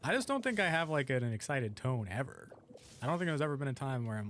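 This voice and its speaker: A man's voice: medium pitch, very animated, fast, fairly bright tone, soft background music. A young man streaming a game, rambling casually and chatting with his viewers as he plays. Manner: rambling, chats with viewers while playing.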